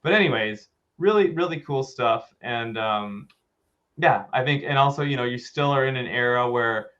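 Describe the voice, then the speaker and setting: Mid-pitched man, jokey rambling podcast co-host, slightly muffled audio. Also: normal speed, a bit bright. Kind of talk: casual film discussion podcast.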